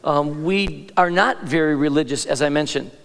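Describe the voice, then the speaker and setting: Male pastor, high voice, chatty, self-interrupting sermon delivery with congregation asides, recorded in a reverberant church hall. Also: normal speed, gravelly, fairly bright tone.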